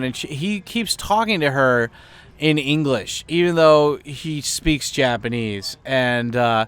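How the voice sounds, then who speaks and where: A man's voice: mid-range voice, measured pace, fairly bright tone, clean tone. A man hosting a podcast, talking in a casual, rambling way with lots of fillers and swearing. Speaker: podcast host. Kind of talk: casual profane monologue.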